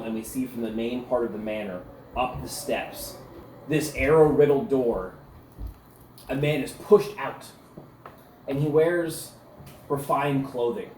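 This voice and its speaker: A man's voice: medium pitch, a little mellow, a little hiss or hum. A man as game master narrating a tabletop game in a loose, descriptive way, with frequent filler words. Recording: echoey room with faint ambience.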